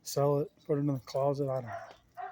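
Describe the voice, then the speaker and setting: Outdoors in his backyard, this yard vlogger wanders and rambles to his audience in a homespun, casual manner. He speaks briskly in a steady, dark, medium-pitched voice, and a faint hiss or hum runs under the recording.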